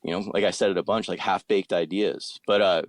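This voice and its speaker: A man's voice: low-pitched, brisk, dry recording, low-quality recording. A man in his thirties in casual chat, talking about his old bands, swearing freely and acting out what people said. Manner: swears a lot, animated, acts out quotes. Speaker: podcast guest, musician.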